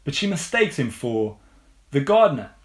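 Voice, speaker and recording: A man with an English accent preaching a sermon, unhurried and measured, leaning on rhetorical questions. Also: mid-range voice, sing-song. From England.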